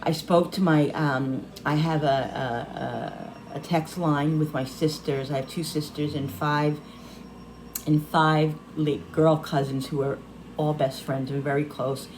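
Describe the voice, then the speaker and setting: Her voice low and steady, a middle-aged vlogger speaks a little slowly while tearfully recounting something personal against background noise. The telling wanders, with frequent restarts.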